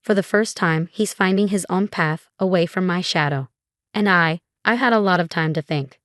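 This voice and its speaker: A woman's voice: fairly low pitch, moderate pace, no echo, studio quality, natural voice. Woman voicing a contrite older businesswoman. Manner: quiet, contrite, earnest. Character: humbled older woman, remorseful former executive. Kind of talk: storybook narration.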